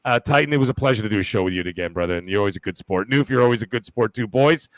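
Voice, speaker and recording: A man's voice: on the low side, expressive, racing, no room sound. A middle-aged man, a podcast guest, signing off in casual, profane, friendly chat.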